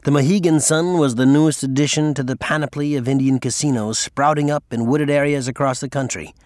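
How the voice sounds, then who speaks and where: A man reading a story aloud in steady, measured audiobook narration. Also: mid-range voice, no echo, studio quality. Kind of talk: scripted narration.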